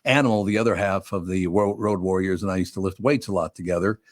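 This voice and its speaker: A man's voice: low voice, steady tone, fast talker, no room sound, clean studio sound. An older man from Minnesota hosting a radio talk show, chatting and telling rambling stories with many restarts. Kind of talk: casual interview chat.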